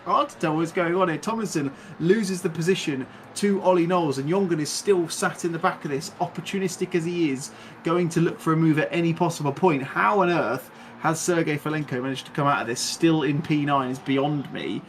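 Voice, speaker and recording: A man commentating live on a sim race with a fairly high voice. His calls are rapid and excitable, and he chats and laughs between the action over a faint background hiss. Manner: excitable, chatty, laughs often, rapid play-by-play.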